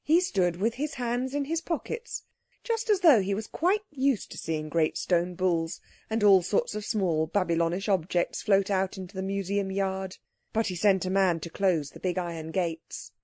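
A woman narrating a children's audiobook in a clear, expressive way, recorded close on a dry mic. Her tone is mellow and soft-edged, at a middle pitch. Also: normal speed, no echo.

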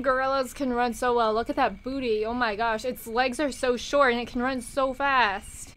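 Bright-voiced excitable woman gaming. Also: a little high, moderate pace, rough recording. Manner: excitable, swears and shrieks at the game. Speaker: gaming YouTuber. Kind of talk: casual gameplay commentary.

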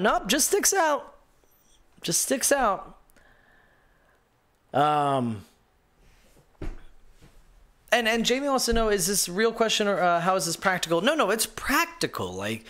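Male gaming host, sarcastic live rant, somewhat high voice, rambling. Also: fairly bright tone. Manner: sarcastic and incredulous, reads viewer comments aloud; rambling with many restarts and fillers.

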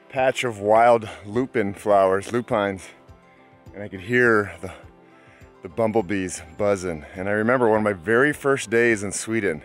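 An American bikepacking vlogger talks to the camera outdoors on country roads in a casual travel vlog. His voice is fairly low, and he's chatty and upbeat, laughing often.

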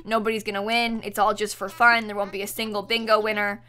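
A woman's voice: medium pitch, flat delivery, quick pace, sharp tone. A young woman chatting on a live stream while gaming, giggly and apologetic, thanking viewers as she plays.

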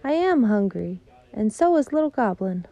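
A woman's voice: a little high, big pitch swings, normal speed, dark tone, lo-fi sound, pitched above the performer's own voice. Eager little bear cub, voiced by a woman.

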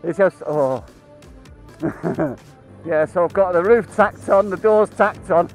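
A man's voice: high voice, takes it slowly, soft background music, rough recording. A man with a British accent chatting casually to camera as a biker vlogger, laughing often, swearing constantly and rambling between asides. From United Kingdom. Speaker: motorcycle vlogger.

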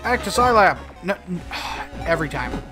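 A man's voice: high voice, very animated, normal speed, music in the background. A man doing casual let's play commentary, joking, swearing and talking back at the game.

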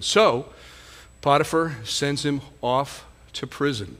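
Male pastor, high and bright-toned, conversational sermon delivery full of rhetorical questions. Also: big pitch swings, a little slow.

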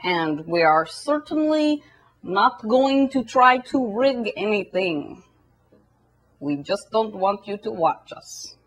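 A woman voicing the country of Russia as a smug, evasive character with a put-on Russian accent and slow broken English. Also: medium pitch, animated.

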